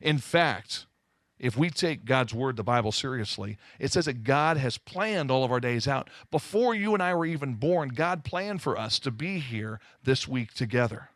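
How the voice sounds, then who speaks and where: A man from Southern California telling his life story to an audience, animated and full of self-mocking humor. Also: medium pitch, moderate pace, no echo, clean studio sound. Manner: animated storytelling, acting out quoted voices. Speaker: speaker giving his testimony. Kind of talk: testimony to a live audience.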